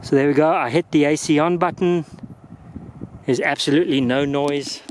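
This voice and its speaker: A man's voice: a little high, steady tone, normal speed, a little mellow, a little hiss or hum. A man vlogging outdoors on a mountainside, casually reviewing gear in a folksy, joking, chatty way.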